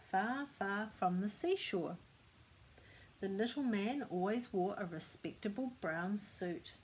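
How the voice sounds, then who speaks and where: An older woman reads a picture book aloud in a gentle, unhurried way. She stops now and then to point out details in the pictures, as if to a child beside her. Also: mid-range voice, a little hiss or hum, poor audio. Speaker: storyteller.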